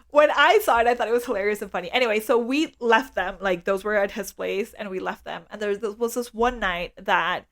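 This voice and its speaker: A woman's voice: mid-range voice, fairly quick. A woman co-hosting a podcast, telling a story in casual chat, full of fillers and acted-out quotes. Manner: animated storyteller, many fillers, acts out quotes. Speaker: podcast co-host.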